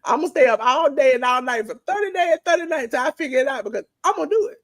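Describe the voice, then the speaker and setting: A woman's voice: high voice, animated, racing. A woman, a guest in a casual chat, telling stories animatedly and acting out the voices she quotes.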